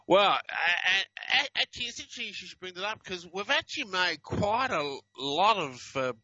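A man with a soft Australian accent carrying a faint American edge chats as a podcast host, dry and sarcastic. His voice is strikingly bright and forceful. The recording is muffled and lo-fi, with a dead, dry sound. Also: sits high, expressive, moderate pace, dry recording. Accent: soft Australian with slight American. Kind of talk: casual podcast chat.

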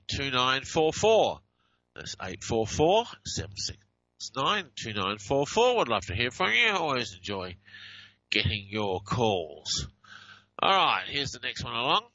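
A male radio host talks in a lively, bright voice that swings up and down as he comments wryly on clips. He has the hiccups and keeps apologizing for them. The sound is dry and dull, like lo-fi broadcast audio. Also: mid-range voice, a little slow, dry recording. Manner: chatty and wry, reads out phone numbers, apologizes to listeners.

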